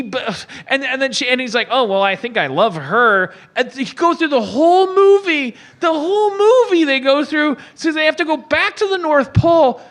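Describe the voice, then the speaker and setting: A man in his forties, a podcast host, delivering a profane, animated comedic movie rant with bursts of mock-outraged shouting. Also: very high voice. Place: live stage show before an audience.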